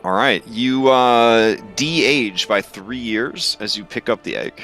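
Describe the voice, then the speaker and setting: A man narrating as game master of a tabletop game, with a relaxed, hesitant delivery full of fillers. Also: mid-range voice, takes it slowly. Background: faint music.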